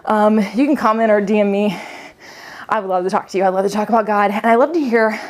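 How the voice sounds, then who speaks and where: A young woman fitness coach with a medium-pitched, steady voice talks quickly while leading a home workout. Out of breath, she chats, counts reps, and laughs often.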